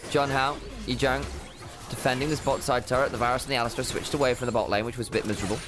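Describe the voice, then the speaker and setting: A man doing jokey, animated play-by-play commentary on an esports match. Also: medium pitch, racing. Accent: put-on casting accent. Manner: animated, jokey, rising excitedly on big plays. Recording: game music behind the commentary.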